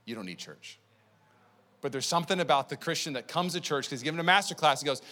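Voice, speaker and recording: A man preaching a sermon as pastor, conversational and energetic, telling stories to the congregation. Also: medium pitch, quick pace. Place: church sanctuary. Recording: long church hall reverb.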